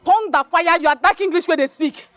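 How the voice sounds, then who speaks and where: A shrill, furious Nigerian woman. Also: a little fast, dry recording. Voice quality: shrill, shouting in Pidgin. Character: loud furious woman shaming a debtor in public. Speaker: businesswoman owed money. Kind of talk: Nollywood film acting.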